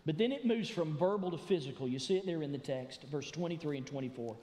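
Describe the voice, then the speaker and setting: Animated preaching man in echoey church. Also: on the high side, fast talker. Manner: animated preaching, rising to shouts for emphasis. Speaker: pastor. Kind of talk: sermon. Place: church sanctuary.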